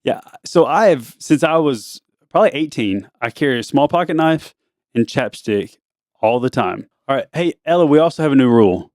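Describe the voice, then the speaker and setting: Playful dad with a lively voice. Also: male voice, medium pitch, no echo, clean studio sound. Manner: teasing, playful, quotes people in a drawn-out deadpan. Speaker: podcast host, father. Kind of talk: casual family chat.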